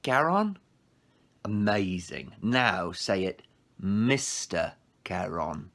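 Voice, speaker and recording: A man voicing a smooth, greedy male ferryman of the dead in a put-on British accent, speaking slowly and mockingly. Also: on the low side, animated.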